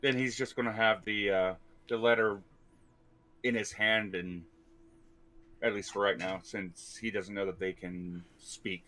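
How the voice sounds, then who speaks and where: A man's voice: on the low side, fairly even intonation, a little slow, bright, forceful tone. A man playing a tabletop game, explaining what his character does. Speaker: player.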